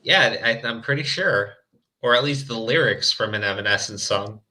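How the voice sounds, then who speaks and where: A man's voice: mid-range voice, moderate pace, bright, forceful tone. A male streamer chatting casually and mockingly reading a fan story aloud, often laughing and stumbling over his words. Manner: laughing, crude, hesitant restarts.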